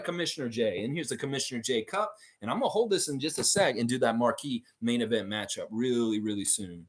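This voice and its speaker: A man in his forties hosting a fan livestream, reading viewer comments in casual chat and swearing freely, jumping between loud hype and low murmurs. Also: quick pace, hardly any pauses. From Canada. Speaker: fan channel livestream host.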